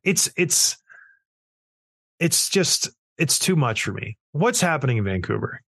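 A man hosting a casual hockey talk show, firing off excitable, rapid questions. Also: medium pitch, creaky, slightly rough, no echo. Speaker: sports talk show host.

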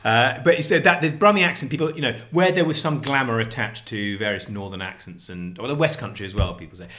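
A man's voice: mid-range voice, fast talker, sharp tone. A man co-hosting a casual chat with his wife in their kitchen, joking and rambling with many restarts. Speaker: podcast co-host. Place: home kitchen.

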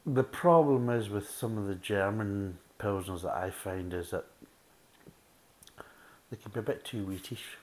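A man's voice: lowish voice, a little slow, pauses often, darkish tone, poor audio. A man reviewing beer in a casual, blunt, rambling way, repeating himself often. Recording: faint background hiss.

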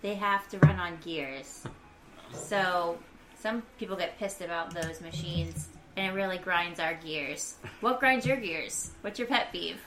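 A woman's voice: fairly low pitch, measured pace, background noise. A woman co-hosting a podcast, chatting casually and reading out questions in a studio. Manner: chatty, animated storytelling.

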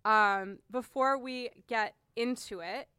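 A woman hosting a podcast in a studio, chatty and quick to laugh, often restarting her sentences. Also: a little high, bright, forceful tone, clean tone, no room sound. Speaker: podcast host. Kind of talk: casual podcast chat.

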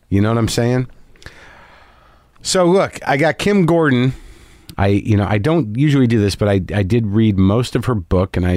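A man hosting a podcast, talking in a rambling, profane, animated and self-deprecating way from a home studio. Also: lowish voice, no echo. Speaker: podcast host. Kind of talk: monologue and casual interview.

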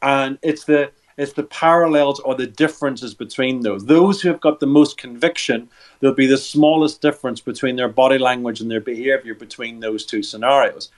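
Middle aged guy, body language expert, walks you through it step by step, restarts a lot, normal mid pitch. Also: fairly even intonation, moderate pace. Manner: instructive, walks listener through hand gestures step by step; repeats words when restarting sentences. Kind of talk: explanatory interview answers.

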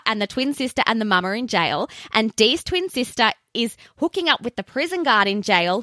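A woman's voice: fairly high pitch, sharp tone, no echo, clean studio sound. A young Australian woman hosting a podcast, chatting casually with sweary, sarcastic asides. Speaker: podcast host. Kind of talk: casual ranting podcast monologue.

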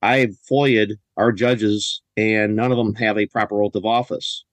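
A man's voice: on the low side, little pitch movement, measured pace, no echo. A man talking as a podcast guest, telling stories in an emphatic, indignant way with many restarts. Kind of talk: casual conversational storytelling. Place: lives in a US state.

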